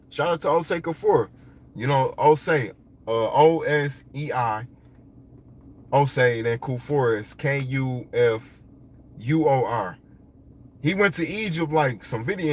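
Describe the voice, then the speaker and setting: Rambling, profane casual male vlogger. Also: on the high side. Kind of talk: casual monologue.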